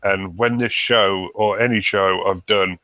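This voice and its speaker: A British man co-hosts a podcast, trading deadpan, sardonic jokes in casual banter. His low voice has a bright edge, and the sound is dry. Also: a little slow, no room sound. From Britain. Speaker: podcast co-host.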